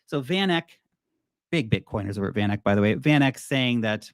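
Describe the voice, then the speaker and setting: An Australian man hosting a casual crypto market show, animated and joking, often mimicking investors. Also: medium pitch, moderate pace, no echo, clean studio sound. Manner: animated, joking, mocks investors in put-on voices. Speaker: crypto video host.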